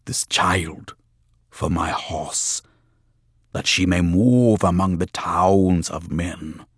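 A man reading an audiobook, voicing a spirit that speaks through a young woman in a slow, thick, prophetic voice. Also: a bass voice, vocal fry, slightly rough, no echo, studio quality, heavily acted. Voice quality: thick, glutinous voice. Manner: slow, drawn-out, prophetic menace.

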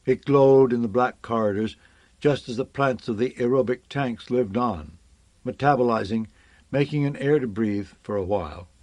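A man narrating a science fiction novel in a measured, expressive reading. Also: medium pitch, no room sound. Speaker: audiobook narrator.

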